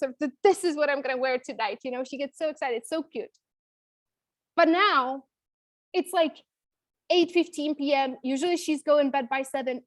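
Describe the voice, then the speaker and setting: A woman's voice: sits high, no echo. A woman in her thirties, a business coach, telling a personal story in an emotional, confiding way. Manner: emotional, confiding, frequent "you know".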